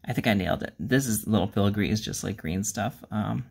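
A man hosting his own hobby channel and chatting casually about his miniature work. He talks in a rambling way, pokes fun at himself and fills his pauses with lots of uhs and ums. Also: fairly low pitch, vocal fry, a little mellow, slightly rough. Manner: rambling, self-deprecating, many fillers. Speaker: miniature painting channel host.

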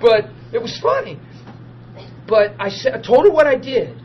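A middle-aged man preaching a sermon built on personal testimony, animated, acting out the people in his stories and laughing easily. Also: very high voice, moderate pace, crowd noise. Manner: animated storyteller, acts out dialogue, laughs easily. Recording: dull lo-fi archive recording with steady noise.

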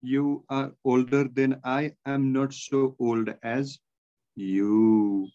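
A man with a Nepali accent teaching an exam-prep English grammar lesson, dictating sentences slowly word by word. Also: medium pitch, little pitch movement, a little mellow, muffled recording. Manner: slow, measured dictation, repeating sentences word by word.

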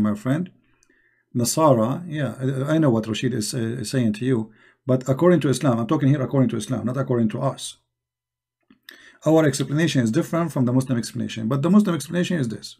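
A man's voice: medium pitch, quick pace, mellow, slightly rough. A man hosting a live religious debate stream, mocking and emphatic, repeating rhetorical questions into a computer mic. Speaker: debate show host.

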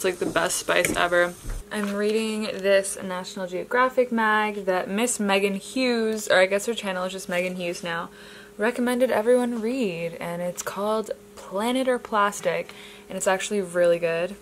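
A young adult woman chatting casually to camera as a vlogger, bubbly and gushing at times, then drifting into soft, reflective musing. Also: medium pitch, normal speed, a little hiss or hum, rough recording. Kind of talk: casual vlog chat.

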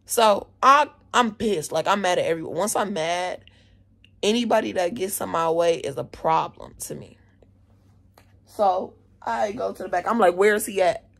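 A teenage girl telling a story from school in a casual vlog from her bedroom, animated, indignant and swearing freely. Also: medium pitch, moderate pace, gravelly. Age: teens. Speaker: vlogger, student. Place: at home, bedroom.

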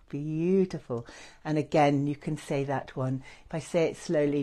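A woman leading a guided meditation with chanting, gentle and effusive, with many fillers. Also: low voice, normal speed, lo-fi sound.

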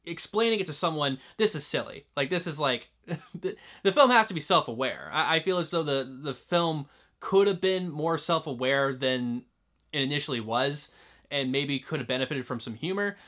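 A man's voice: fairly high pitch, moderate pace, sharp tone. A young man casually talking through a film review, chatty and loose, with lots of "like" and restarts. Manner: chatty, fills talk with "like" and restarts. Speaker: movie reviewer.

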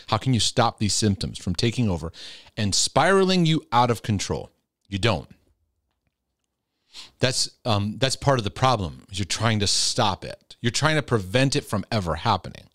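A man's voice: on the low side, sing-song, normal speed, no room sound, clean studio sound. A man hosting a talk, answering viewer questions in a casual, emphatic, conversational way. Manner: conversational, gets loud and emphatic then drops soft. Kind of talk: casual faith-based advice talk.

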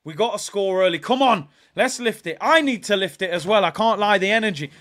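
A young man hosting a live football watch-along, reacting with frustration and shouting at the players. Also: sits high, a little fast. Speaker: fan watch-along host.

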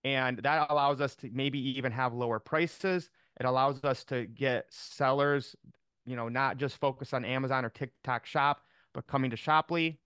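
A man's voice: mid-range voice, fairly even intonation, normal speed, fairly bright tone, clean tone, no room sound. Upbeat rambling man on a video call. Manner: upbeat, rambling, many fillers. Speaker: team member on a call. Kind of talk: casual chat on a video call.

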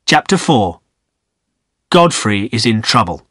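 A man narrating a graded-reader audiobook in a steady, clear storytelling manner. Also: lowish voice, takes it slowly, no room sound, clean studio sound.

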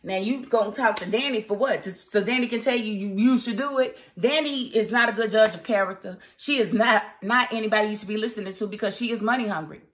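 A woman giving a casual, opinionated spoken review of a TV episode, chatty and quick to laugh. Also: medium pitch. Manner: chatty and opinionated, laughs often, mimics characters. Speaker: TV show reviewer.

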